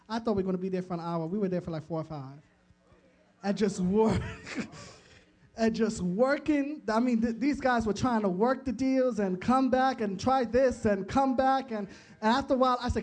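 A man's voice: high-pitched, a little mellow. A man preaching a sermon, telling a personal story with frequent laughter, acting out conversations and stumbling over restarts. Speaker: pastor.

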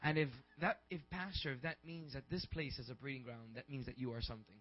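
A man in his twenties, a pastor, preaching in a rambling, conversational way that builds into shouts. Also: medium pitch, fairly even intonation, quick pace. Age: 20s. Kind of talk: sermon. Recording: dull lo-fi recording.

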